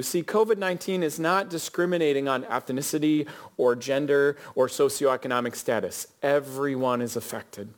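A man's voice: mid-range voice, moderate pace, few pauses. A male pastor preaching a sermon, telling a story and asking his listeners questions. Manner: earnest, storytelling, addresses the congregation with questions.

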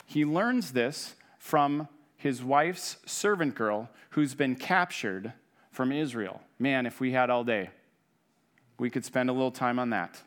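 A man's voice: medium pitch, slow pace, fairly bright tone. A man preaching a sermon, retelling a story conversationally and acting out the quoted lines.

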